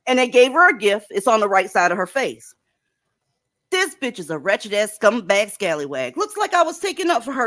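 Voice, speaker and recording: A woman host delivers reaction commentary in a blunt, swearing rant. Her pitch swings widely as she talks, at a mid pitch for a woman. The sound is dry and close, with no room echo. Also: moderate pace. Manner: blunt, animated, swearing freely.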